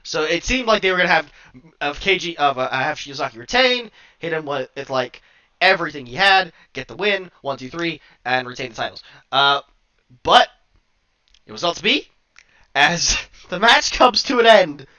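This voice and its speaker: Guy rambling on a podcast, bright voice, lo-fi dull audio, laughs a lot and swears. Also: fairly high pitch, animated, moderate pace. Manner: rambling, laughs often, swears, gets worked up. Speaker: podcast co-host. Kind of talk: casual wrestling review chat. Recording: dull lo-fi sound.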